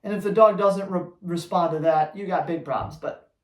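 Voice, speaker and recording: A man who trains dogs, answering viewer questions on a live Q&A in a blunt, energetic, slangy way. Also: sits high, moderate pace, echoey room. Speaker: dog trainer.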